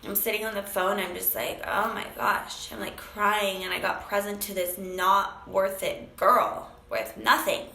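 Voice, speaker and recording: A woman's voice: medium pitch, flat delivery, unhurried, vocal fry, few pauses, sharp tone, roomy sound, low-quality recording. A woman sharing an emotional personal story, acting out phone calls with many fillers. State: briefly tearful.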